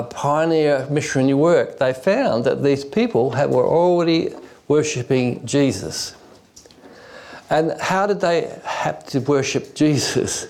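Male preacher, mid-pitched, digressive storyteller who often restarts and uses fillers. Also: darkish tone. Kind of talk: expository sermon.

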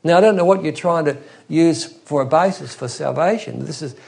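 A man's voice: on the high side, normal speed, vocal fry, a little mellow. A man preaching an expository Bible teaching in an earnest, emphatic way, often restarting his phrases.

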